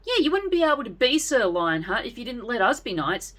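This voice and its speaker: A woman's voice: fairly high pitch, fairly quick, voice pushed up. A woman doing a hyper young boy knight. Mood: eager. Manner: excited, bouncy.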